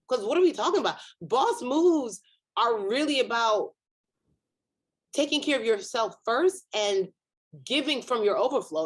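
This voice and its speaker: Woman guest, comedian and author, lively storyteller, a bit high. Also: breathy edge. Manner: animated storyteller, acts out inner voices with big pitch jumps. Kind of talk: virtual panel conversation.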